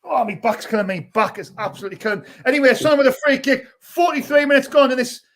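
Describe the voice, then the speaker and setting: Fan-channel host: young man, high-pitched, eager match commentary. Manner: shouts and rushes during attacks, chats between. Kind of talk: excitable live fan commentary.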